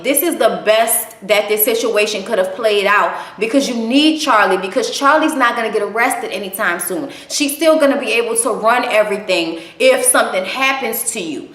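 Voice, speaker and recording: A woman's voice: a little high, a bit bright. A woman giving a casual, blunt spoken recap of a TV episode, swearing freely and giving strong opinions. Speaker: TV show reviewer. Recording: echoey room.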